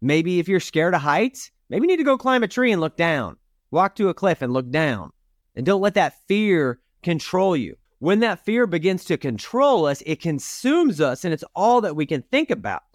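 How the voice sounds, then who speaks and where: A middle-aged man delivers a motivational talk, speaking directly and emphatically to his listeners. His voice sits a little high for a man. The recording is dry and close, with no room sound. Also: big pitch swings, normal speed, no echo. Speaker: podcast host and rodeo competitor.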